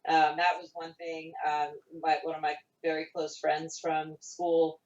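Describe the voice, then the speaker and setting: A middle-aged woman, a former child actor, talking fast and laughing often in a casual remote interview. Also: low-pitched, level tone. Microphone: video call. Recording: roomy, distant, dull video-call audio.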